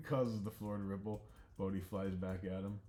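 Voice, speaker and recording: A man casually retelling an animated scene he storyboarded, in a loose, relaxed way with offhand asides. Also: on the low side, moderate pace, a little hiss or hum. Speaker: storyboard artist. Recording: echoey room.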